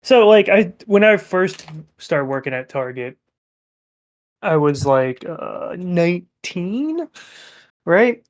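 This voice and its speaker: Young male podcast co-host, fairly high voice, animated storyteller with plenty of swearing. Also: slow. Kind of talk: casual chat.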